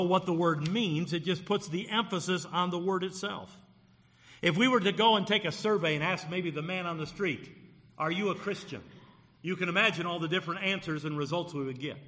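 Male pastor, bright and forceful tone, punchy emphasis on key words, long hall echo. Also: high-pitched. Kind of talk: sermon.

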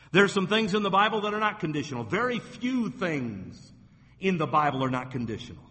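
A man's voice: fairly high pitch, sharp tone. Male pastor, sermon delivery, emphatic, ringing church reverb. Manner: emphatic preaching, reading scripture aloud with rising force. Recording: long reverb of a church hall.

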